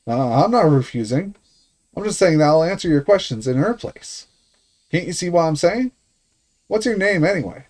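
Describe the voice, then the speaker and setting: A man's voice: fairly high pitch, lively intonation, normal speed, a little mellow, pitched above the performer's own voice. A man voicing a hostile, bullying middle-aged uncle who snaps and threatens. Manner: rude, hostile, menacing.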